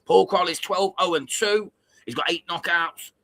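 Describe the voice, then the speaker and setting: A man's voice: high voice, normal speed, a bit bright, rough recording. A British man co-hosting a boxing watchalong, chatty and matter-of-fact, often calling people mate. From Britain. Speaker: co-host giving fight stats. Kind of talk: casual watchalong chat.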